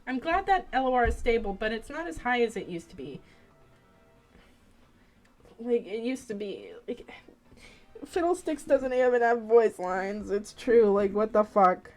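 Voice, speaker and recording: A woman's voice: fairly high pitch, lively intonation, measured pace, long pauses, a little mellow, soft background music. A woman streamer chatting casually on a live stream, rambling, swearing freely and laughing often.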